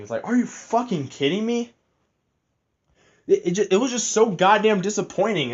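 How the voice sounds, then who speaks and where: Young man, movie reviewer, rambling, lots of swearing and fillers, muffled lo-fi sound. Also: mid-range voice. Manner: rambling and profane, frequent fillers. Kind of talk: casual spoken review. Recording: slightly muffled lo-fi audio.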